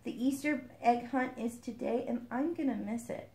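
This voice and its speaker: A woman voicing a sick little girl in a storybook, soft and wistful. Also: fairly high pitch, normal speed, vocal fry, roomy sound, pitched above the performer's own voice.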